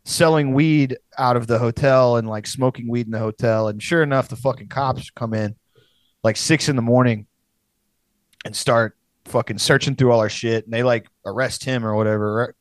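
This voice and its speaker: A man's voice: medium pitch, steady tone, normal speed, no echo. A young man telling a rambling, profane story in casual podcast chat, laughing as he goes.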